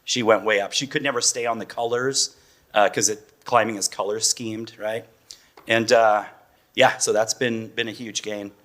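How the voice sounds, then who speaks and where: A man's voice: fairly low pitch, steady tone, moderate pace, a bit bright. A man in his forties, a parent guest on a panel, talking in a chatty, loose way and laughing often. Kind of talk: casual panel talk.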